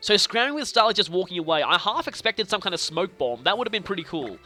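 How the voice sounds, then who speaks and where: A young man casually commenting on his video game play, chatty and playful with animated reactions. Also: sits high, quick pace, hardly any pauses. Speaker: let's play host. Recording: faint game music behind.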